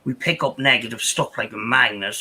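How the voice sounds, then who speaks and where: Bright-voiced man rambling through a story. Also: mid-range voice, fairly quick, breathy edge, low-quality recording. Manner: rambling, many restarts and "I says". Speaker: podcast host. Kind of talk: casual storytelling chat.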